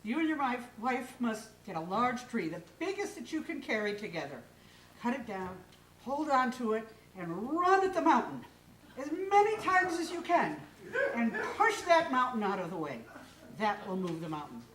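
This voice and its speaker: A woman voicing an old wise village man who speaks slowly and calmly, in a low, pondering way. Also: slight background noise. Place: live stage in a hall. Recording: echoey hall from far off.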